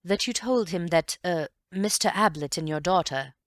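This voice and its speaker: Woman reading a courteous young gentleman sleuth. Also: lowish voice, normal speed, dry recording, studio quality, natural voice. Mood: polite. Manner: courteous and cautious. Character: polite, curious young gentleman detective. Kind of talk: audiobook character voice.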